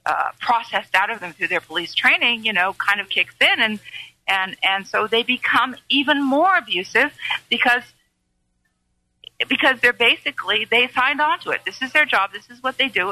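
A woman reporter on a talk show, telling a story in a halting way with many fillers. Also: on the high side, lively intonation, sharp tone, rough recording. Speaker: co-host, reporter.

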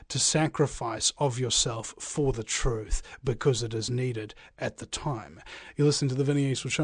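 A man's voice: mid-range voice, dry recording. A man hosting a live talk radio show, speaking energetically and emphatically straight to his listeners. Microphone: studio microphone.

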